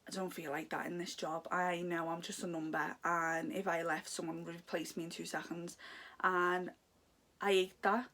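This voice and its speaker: Soft-spoken young woman, confiding vlog chat. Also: on the low side, little pitch movement, brisk, few pauses. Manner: heartfelt, confiding, talks in long rambling runs. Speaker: vlogger. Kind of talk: candid personal vlog chat. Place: home room.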